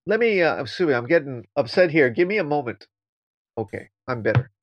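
A man who teaches Zen, co-hosting a casual podcast discussion and talking in an animated, playfully teasing way. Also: mid-range voice, normal speed, no room sound. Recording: dull, dry lo-fi sound.

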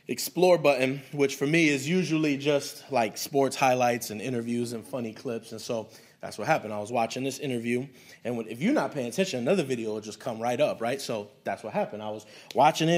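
A man preaching a sermon as a pastor, speaking to his church in a conversational, storytelling way. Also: mid-range voice.

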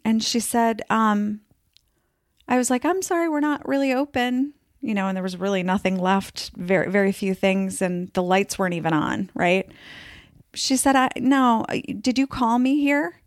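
A woman's voice: mid-range voice, normal speed, no echo, clean studio sound. A woman telling her personal story in a casual podcast interview, chatty and full of fillers, sometimes acting out what others said. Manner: chatty, many fillers, acts out quoted voices.

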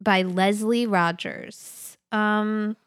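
A woman chatting about crossword clues with a friend in a slow, easy rhythm. She is playful, laughs a lot and swears offhandedly. The recording is close and dry, with no room sound. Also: medium pitch, steady tone, clear, resonant tone, no echo. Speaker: podcast co-host. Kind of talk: casual chat about crossword puzzles.

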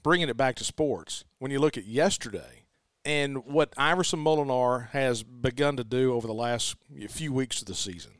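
Casting: mid-pitched male sports host, emphatic and chatty, dry studio mic. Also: normal speed, no echo. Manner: emphatic, repeats "let me tell you". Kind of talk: casual sports chat.

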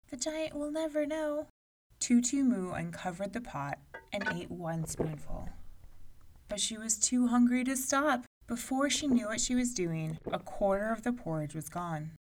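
Slow-paced woman reading a story aloud. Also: lowish voice, far from the mic. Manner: expressive, measured storytelling. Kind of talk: read-aloud storybook narration.

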